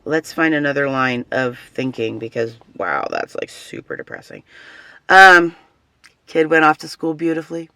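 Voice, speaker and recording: A rambling vlogger chats straight to camera, circling back and restarting thoughts. The voice is gravelly and rough-edged, and the pitch swings up and down. The sound is close and dry. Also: sing-song, moderate pace, pushed and bright, dry recording. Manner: rambling, chatty, often trailing off and restarting. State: has facial tics. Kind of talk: casual personal vlog.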